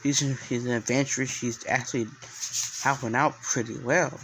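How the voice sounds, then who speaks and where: A man telling a story he makes up as he goes, in a middle-pitched voice. He rambles, circles back and restarts his sentences, filling gaps with "you know" and "uh." His voice stays plain and unhurried throughout. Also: steady tone, fairly bright tone, slight background noise, rough recording. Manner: rambling, full of restarts and fillers. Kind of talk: improvised story narration.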